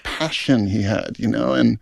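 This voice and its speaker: A man's voice: medium pitch, measured pace, gravelly. A middle-aged man, a film director, speaking in an earnest, thoughtful interview. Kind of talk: reflective interview talk.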